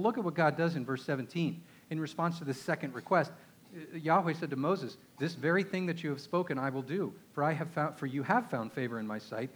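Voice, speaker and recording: A man with a Texan accent delivers a sermon in an easy, talking style. His voice sits slightly high, and he leans on key words and checks in with his listeners through quick questions. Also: husky. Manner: conversational, emphatic, asks the audience rhetorical questions. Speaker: pastor.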